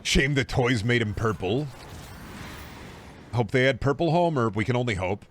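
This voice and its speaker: A young man streaming a video game, chatting casually with a rambling, jokey, profane manner and sudden excited outbursts. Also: medium pitch, normal speed, slight background noise. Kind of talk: casual gaming stream chat.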